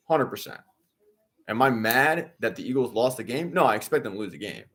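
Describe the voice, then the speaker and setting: A young adult man streaming live, ranting at a troll in his chat and insisting he is calm, repeating himself with sarcasm. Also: medium pitch, normal speed. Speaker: watch-along streamer.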